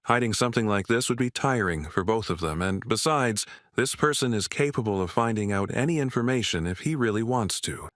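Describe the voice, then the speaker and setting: A man reading a scripted story recap in a steady storytelling manner. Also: on the low side, dry recording, clean studio sound. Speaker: recap narrator.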